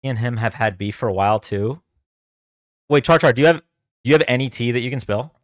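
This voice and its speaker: A man's voice: mid-range voice, fairly quick, no echo, studio quality. A man giving casual, rambling reaction commentary on a live stream and talking to his chat. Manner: animated, rambling, talks to chat.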